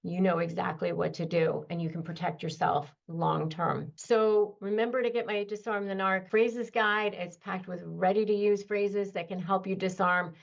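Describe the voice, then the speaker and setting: A woman's voice: medium pitch, flat delivery, normal speed, gravelly, hardly any pauses. A woman host giving earnest, direct advice to her viewers. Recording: dull lo-fi sound.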